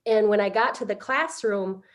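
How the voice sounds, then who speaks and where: A middle-aged woman telling a personal story in a halting way, with many fillers and restarts. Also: medium pitch. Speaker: interviewee. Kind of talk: casual storytelling.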